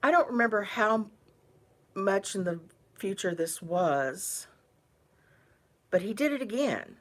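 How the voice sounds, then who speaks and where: A woman recounting a personal story in a casual, unhurried, conversational way, with pauses between phrases. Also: mid-range voice, lively intonation.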